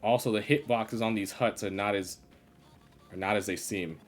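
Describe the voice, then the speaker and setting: A man's voice: fairly low pitch, fairly even intonation, moderate pace. A man streaming live gameplay commentary, grumbling in an exasperated, sarcastic way.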